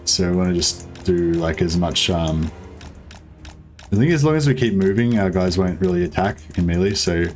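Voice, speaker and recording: A young man with a lowish voice talks his way through a strategy game on stream. He rambles, jokes and answers his viewers in a loose, offhand way, with a little swearing mixed in. Soft game music plays faintly underneath. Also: moderate pace. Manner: rambling, joking, chats with viewers, mild swearing. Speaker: gaming streamer. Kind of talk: casual let's-play commentary.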